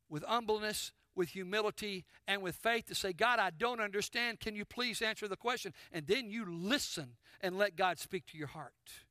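A man preaching a sermon as pastor, his voice pitched very high with a bright, forceful edge. He keeps putting questions to the congregation and speaking to them directly. The sound is dry and close. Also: no echo.

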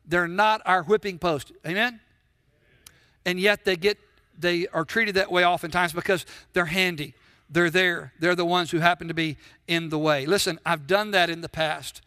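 A middle-aged man delivers a sermon in an earnest, repeating cadence. His voice sits high and sounds bright and forward. The recording is dry, with almost no room sound. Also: no echo. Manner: earnest, repetitive preaching with rhetorical questions. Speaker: pastor.

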